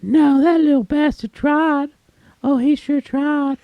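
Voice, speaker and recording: Man doing a shrill falsetto old mother, crude, squealing, slow, muffled. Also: fairly even intonation, no echo, full character voice. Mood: bawdy. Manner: squealing, bawdy.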